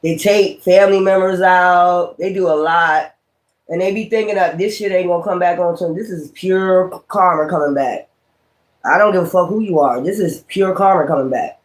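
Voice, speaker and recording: A man's voice: high-pitched, moderate pace. A man who reads tarot, ranting on a livestream in a profane, confrontational way and repeating his points. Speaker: tarot reader. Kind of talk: livestream rant.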